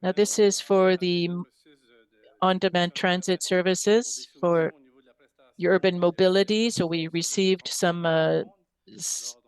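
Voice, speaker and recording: Halting man presenting to council. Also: high-pitched, flat delivery, clean tone, no echo. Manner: halting, with many restarts and fillers. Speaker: city staff presenter. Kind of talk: council meeting report.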